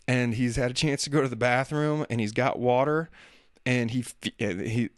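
A man's voice: medium pitch, no room sound. A man in his thirties talks alone into the mic in a loose, rambling way. He laughs at himself, restarts his sentences and drifts from topic to topic. The sound is dry and close, with no room around it. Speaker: podcast host and musician. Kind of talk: casual solo chat.

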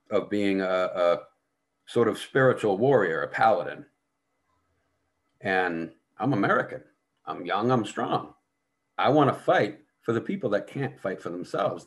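Deep-voiced man, profane blunt storyteller, casual chat. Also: fairly bright tone. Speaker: guest.

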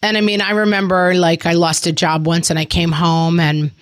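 A woman's voice: lowish voice, flat delivery, normal speed, no room sound, studio quality. A woman co-hosting a casual podcast, telling wry personal stories with lots of loose fillers.

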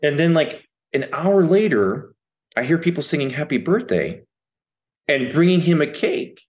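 A man who is an actor, a guest on a podcast, telling stories in a loose, profane, animated way. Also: a little high, a little slow. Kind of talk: casual interview chat.

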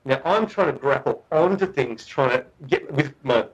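A man, a guest researcher, telling a story in a chatty, animated way with frequent restarts. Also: medium pitch, moderate pace, slightly rough, dull audio. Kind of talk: casual storytelling.

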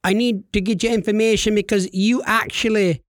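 A man mimicking a smooth-talking male phone scammer with a put-on Jamaican accent, delivering a slow sales pitch on a podcast. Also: steady tone, no echo, studio quality, natural voice. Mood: coaxing.

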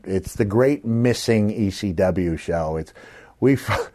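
A middle-aged man as a podcast guest, telling lively anecdotes and calling the host brother. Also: lowish voice, slow pace. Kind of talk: animated storytelling.

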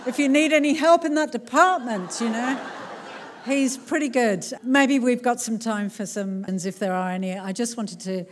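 A middle-aged woman author giving a live talk to an audience, telling a story in an animated way and laughing often. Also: fairly high pitch, normal speed, a little hiss or hum. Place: cultural centre hall before a crowd.

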